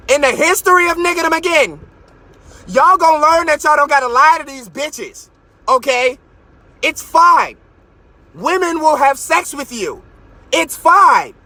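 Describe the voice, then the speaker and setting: A man hosting a podcast, in a loud, mocking, boastful rant from his car, with his voice leaping up in outbursts. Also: very high voice, lively intonation, measured pace, pauses often, no echo. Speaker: podcast host. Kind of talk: profane comedic rant.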